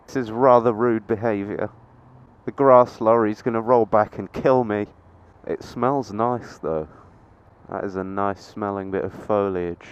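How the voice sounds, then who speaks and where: A nineteen-year-old motovlogger rides through town traffic outdoors, giving casual commentary to the camera with plenty of swearing, self-mockery and sudden excited yelps. His voice is fairly low and clean in tone, his pace a little slow. Captured on a helmet-mounted action camera, the recording is dull and lo-fi with loud wind, traffic and engine noise.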